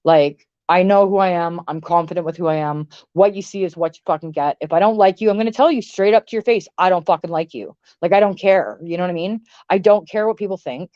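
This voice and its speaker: A fairly low-voiced woman from Canada vents straight to her livestream chat, blunt and swearing freely as she rambles from one thought to the next. The mic is close and dry, with a slightly muffled, lo-fi sound. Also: quick pace, hardly any pauses, warm tone, no room sound. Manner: blunt, profane, rambling with many "like"s. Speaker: livestream host. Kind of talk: casual livestream rant to chat.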